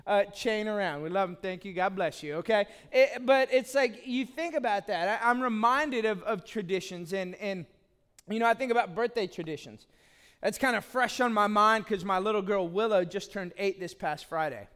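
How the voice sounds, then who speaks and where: A middle-aged man preaching a sermon, telling family stories in an animated, playful way. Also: high voice, moderate pace, smooth. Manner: animated storytelling, acts out scenes. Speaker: pastor.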